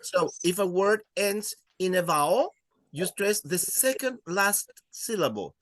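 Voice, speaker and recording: A man's voice: high-pitched, expressive, unhurried, a bit bright, no room sound, clean studio sound. A man teaching a beginner Spanish class, counting students in and praising their answers. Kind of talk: classroom language lesson.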